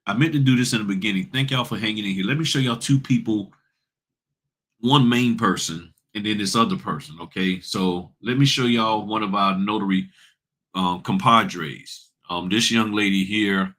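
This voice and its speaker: A man's voice: lowish voice, moderate pace, fairly bright tone. Blunt, slangy man ranting to viewers. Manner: blunt, preachy, slangy, addresses viewers as y'all. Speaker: notary business host. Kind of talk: casual livestream talk to viewers.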